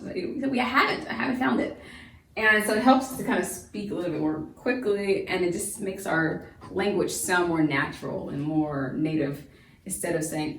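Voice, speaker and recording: A woman's voice: mid-range voice, a bit bright. Woman homeschool teacher; casual talky delivery full of fillers, recorded from a distance in a reverberant room. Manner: chatty, repeats and restarts, many fillers. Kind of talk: recorded classroom lesson. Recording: roomy echo, voice from a distance.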